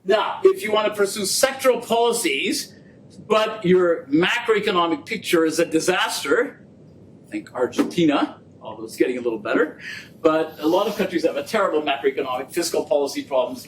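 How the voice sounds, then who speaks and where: Animated man lecturing from a distance. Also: fairly quick. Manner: animated storytelling, acts out quoted exchanges. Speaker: guest lecturer. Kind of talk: public lecture. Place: lecture room. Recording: distant mic with faint rumble.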